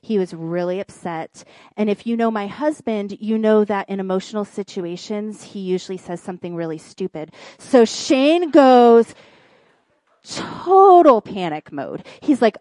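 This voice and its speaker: A woman, a pastor's wife, preaching in church and telling a funny personal story in an animated way. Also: mid-range voice, a little slow, no room sound. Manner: animated storytelling, acts out quoted voices. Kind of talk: sermon with a humorous personal story.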